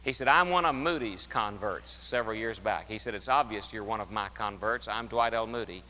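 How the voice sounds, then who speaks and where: A man preaching a sermon as pastor, emphatic, rising loud and dropping to a hush. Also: fairly low pitch, brisk, big-room sound, slight background noise, poor audio. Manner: emphatic, swings from loud to hushed. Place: church sanctuary.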